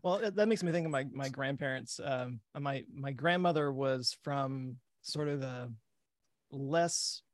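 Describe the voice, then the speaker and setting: A man's voice: medium pitch, a little slow, no echo, clean studio sound. A man from Texas hosting a casual podcast chat, talking loosely and filling his sentences with "like" and "you know". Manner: relaxed and conversational, lots of fillers like "like" and "you know". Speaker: podcast host. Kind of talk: casual conversation.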